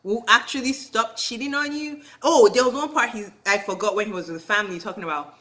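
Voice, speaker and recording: A woman's voice: fairly high pitch, fast talker. A woman casually ranting about a reality show she watched, indignant and slangy. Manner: animated, indignant, slangy commentary. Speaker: reality TV recap vlogger. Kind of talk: casual rant.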